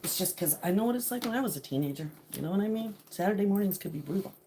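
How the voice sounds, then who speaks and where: A woman's voice: mid-range voice, lively intonation, rapid-fire, background noise. Chatty middle-aged woman hosting a livestream. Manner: chatty, laughs often, drops to hushed talk at times. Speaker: livestream host. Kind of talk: casual livestream chat with viewers.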